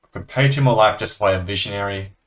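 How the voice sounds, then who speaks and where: A man's voice: on the low side, fast talker, fairly bright tone. An Australian man chatting casually and laughing between remarks as he comments on a card game he is playing.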